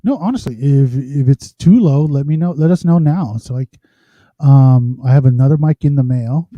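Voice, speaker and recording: A man with a deep voice co-hosting a live stream, rambling casually while adjusting his audio gear. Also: normal speed, warm tone, no echo, lo-fi sound. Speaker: podcast co-host.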